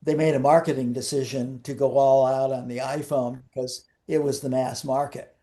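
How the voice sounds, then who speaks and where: A man's voice: mid-range voice, level tone, moderate pace, warm tone. An older man, a guest in an interview, telling wry, rambling anecdotes with frequent restarts.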